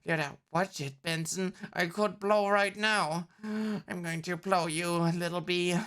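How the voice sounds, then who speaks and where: Hot-headed middle-aged guy about to blow, read by a woman, slow, smooth voice, plain script reading. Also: fairly low pitch, steady tone, a bit bright. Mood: threatening. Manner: plain read-aloud delivery. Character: hot-tempered middle-aged male actor. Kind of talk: reading a film script aloud.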